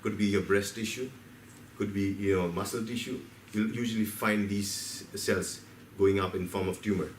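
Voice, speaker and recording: A man's voice: lowish voice, fairly even intonation, normal speed, a little hiss or hum. A man from India, giving a playful, story-driven health lecture and asking the audience questions. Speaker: health speaker. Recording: roomy hall, distant mic, faint background.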